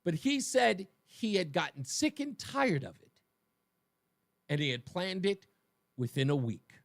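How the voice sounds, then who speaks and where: Emphatic talk radio host, lively high voice. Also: male voice, measured pace, vocal fry, no echo, clean studio sound. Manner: emphatic, animated, addresses listeners directly.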